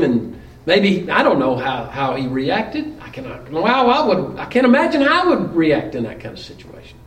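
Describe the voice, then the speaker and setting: A middle-aged man preaching a sermon with a high, lively voice that rises and falls a great deal. He talks plainly and conversationally, often restarting a sentence or putting a question to his listeners. He sounds a little distant from the mic, in a roomy space. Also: normal speed.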